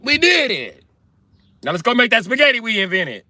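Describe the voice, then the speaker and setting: A man doing a put-on Italian accent, playing a loud, boastful Italian tough guy who taunts and tags "eh?" onto his lines. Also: extremely high pitch, very animated, normal speed, no echo, voice pushed up, exaggerated voice. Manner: pushy, taunting, keeps tagging "eh?".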